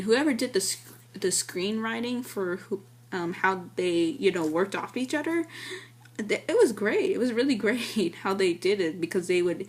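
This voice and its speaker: A woman giving a casual, enthusiastic film review, rambling with many fillers and restarts. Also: mid-range voice.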